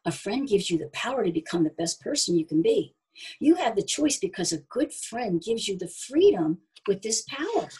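A woman voicing a gentle young mother-to-be in a storybook, speaking softly and soothingly. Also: medium pitch, sing-song, moderate pace, husky, low-quality recording. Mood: tender. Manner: soft, soothing reassurance. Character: gentle young expectant mother, calm and wise.

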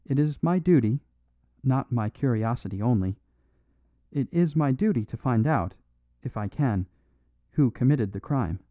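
A man's voice: medium pitch, lively intonation, a little slow, dry recording, close to an everyday voice. A man voicing an impatient detective. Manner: impatient, insistent. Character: impatient, forceful male detective friend. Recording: dry phone-like narrow sound.

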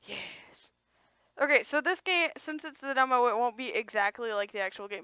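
A woman playing a video game and commenting, excitable and gasping with frequent exclamations. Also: sits high, normal speed, clean tone, dry recording. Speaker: gamer. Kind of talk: let's play commentary. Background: game music.

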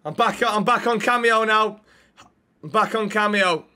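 A man with a high, forceful, bright voice, streaming a police role-play. He talks loudly and cheekily, swears often, and keeps up banter with his chat. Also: unhurried. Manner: loud, cheeky, swears a lot. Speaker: streamer playing a police officer.

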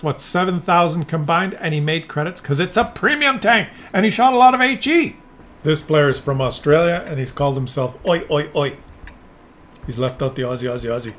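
A man commentating tank game replays, excitable and cheering players on, with loud game sounds underneath. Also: on the high side, slight background noise. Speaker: gameplay commentator. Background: tank engines and gunfire from the game.

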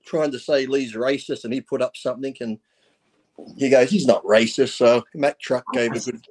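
A man's voice: medium pitch, steady tone, normal speed, darkish tone. A man, a guest on a live stream, chatting bluntly and profanely as he tells stories and acts out quotes. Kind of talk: casual chat on a live stream.

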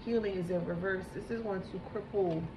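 A woman giving a psychic tarot reading, halting and emotional, repeating herself as she talks. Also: medium pitch, steady tone. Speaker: tarot reader. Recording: echoey room with background noise.

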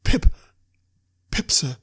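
Man putting on a small scared boy, timid, pleading, polite, a bit higher, husky, storybook reading. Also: animated, unhurried, full character voice. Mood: terrified. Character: small frightened orphan boy.

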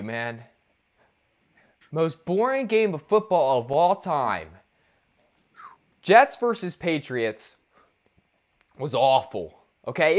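A man co-hosting a sports podcast, ranting in casual talk with lots of restarts. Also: high-pitched. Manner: animated ranting, many restarts and fillers. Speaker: podcast co-host.

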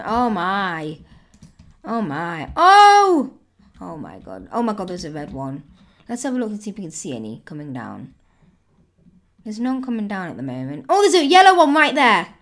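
Excitable woman gaming. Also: mid-range voice. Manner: exclaims often, squeals at surprises. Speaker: gaming YouTuber. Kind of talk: excited let's-play commentary.

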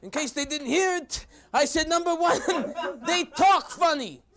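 A man playing a loud, insulting conservative debater in a TV comedy sketch, shouting and mocking with rhymes. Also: very high-pitched, animated, a little slow, crowd noise, full character voice. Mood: ranting. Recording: studio audience laughing loudly.

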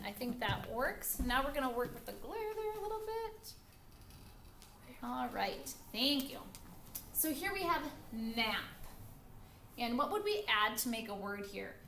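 A woman teacher with a slightly high voice takes her time over a recorded lesson for second graders. She says each word several times, patient and clear. The room rings with echo, and a faint hum sits behind her. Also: a bit bright. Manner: slow, patient, repeats words clearly for counting. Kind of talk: recorded phonics lesson for young children. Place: classroom with a screen. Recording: echoey room with faint background noise.

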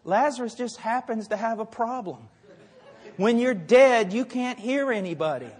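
A man preaching a sermon with great fervor, dropping to quiet asides and rising to shouts. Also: very high voice, lively intonation, moderate pace, slightly rough. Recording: long hall reverb.

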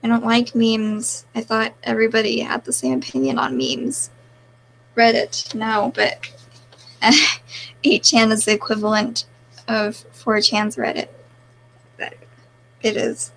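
A woman's voice: on the high side, unhurried, vocal fry, long pauses, a bit bright. A woman live streaming in casual chat, reading out viewer comments and answering them in an offhand, mumbling way, with a crackly voice.

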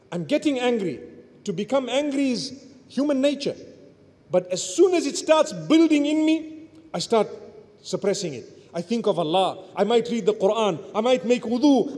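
High-voiced male preacher in echoing hall. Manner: rises to near-shouts, then drops to soft low murmurs. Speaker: Islamic preacher. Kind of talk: sermon. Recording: long hall reverb.

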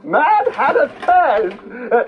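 A giggling, scatterbrained Mad Hatter, with a high voice that swoops wildly between notes and an unhurried pace. He sounds fussy and eccentric. It comes through a tinny, lo-fi recording with faint music behind. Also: sing-song, a little hiss or hum, heavily acted. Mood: giggly. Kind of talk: theme-park character show with children.

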